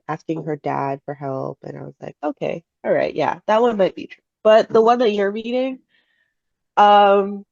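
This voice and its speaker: A woman, a mother, co-hosting a casual podcast chat, blunt and animated and laughing often. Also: lowish voice, vocal fry, no room sound, muffled recording. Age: adult parent. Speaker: podcast co-host.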